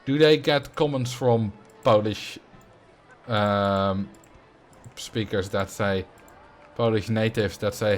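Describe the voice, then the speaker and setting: A man's voice: on the low side, fairly even intonation, slow pace, soft background music. A man with a Dutch accent chatting casually on a livestream while thinking aloud. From Netherlands. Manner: musing, conversational, thinking aloud. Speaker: streamer.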